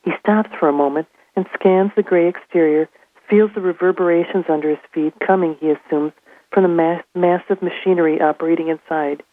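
A woman reading aloud from her own novel in a steady, measured narration. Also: on the low side, no echo. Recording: tinny phone line.

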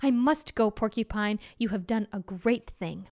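A woman voicing a clever, brave little female mouse in a storybook, speaking politely and quick-wittedly. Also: mid-range voice, a little mellow, lightly acted. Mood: earnest.

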